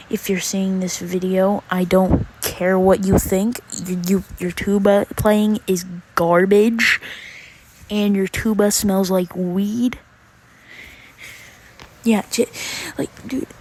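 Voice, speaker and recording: Teen girl ranting slow about school drama, annoyed slangy talk, faint hiss behind. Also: mid-range voice, darkish tone, low-quality recording. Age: teens. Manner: exasperated, slangy, drawn-out pauses. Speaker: vlogger. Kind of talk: casual storytime rant.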